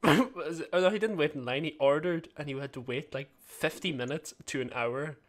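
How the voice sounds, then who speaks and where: A young man, excitedly recounting a trip story among friends with laughter. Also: on the high side, normal speed. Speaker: friend reminiscing. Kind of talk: casual chat.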